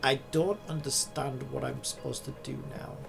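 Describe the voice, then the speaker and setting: A man's voice: mid-range voice, fairly even intonation, normal speed, gravelly, music in the background. A man streaming a game live, casually commenting, swearing and grumbling to himself as he plays.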